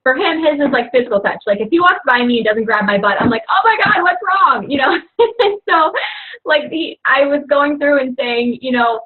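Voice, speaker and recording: A woman's voice: sits high, a little fast. A young woman coach talking casually and earnestly to fellow coaches, rambling with lots of "you know" and "like". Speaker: fitness coach. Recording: tinny phone-like audio.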